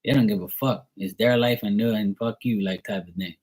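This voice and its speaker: A man's voice: fairly low pitch, steady tone, a little fast, darkish tone, slightly rough. A man in his forties from Bermuda, telling a personal story in a rambling, blunt, heavily profane way with many fillers. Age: 40s. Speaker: tarot reader streaming live.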